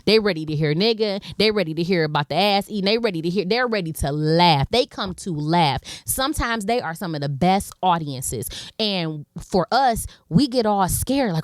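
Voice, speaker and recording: A woman speaks in a bluntly emphatic, slangy way, trading talk on a podcast as a comedian guest. Her voice sits at an ordinary middle pitch. The close microphone gives a dry sound with no room around it. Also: lively intonation, moderate pace, few pauses, no echo. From Detroit, USA. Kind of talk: casual podcast conversation.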